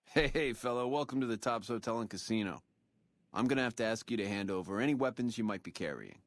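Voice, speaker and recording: A man's voice: mid-range voice, expressive, fast, dry recording, close to an everyday voice. A man playing a slick jive-talking casino doorman. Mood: smooth. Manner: jive lounge slang, calls people baby.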